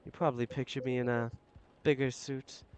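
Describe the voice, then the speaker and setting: A man voicing a gentle alien who is becoming more human, talking in a soft, hesitant, apologetic way. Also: medium pitch, level tone, brisk, a little hiss or hum, natural voice. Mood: shy.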